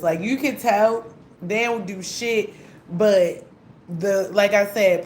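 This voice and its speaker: Young woman, heated profane rant, mid pitch, echoey room. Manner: heated, blunt, repetitive, swearing often. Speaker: vlogger. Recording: echoey room with faint hum.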